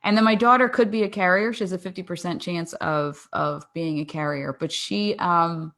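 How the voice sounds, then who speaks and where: A woman in her forties, a podcast guest, telling a family story in a lively way, acting out dialogue and often laughing. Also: lowish voice, normal speed. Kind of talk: casual interview storytelling.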